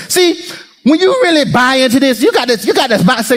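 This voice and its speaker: Speaking at an extremely high pitch and a little fast, this pastor gives an animated sermon. He calls out to his congregation and performs voices as he preaches.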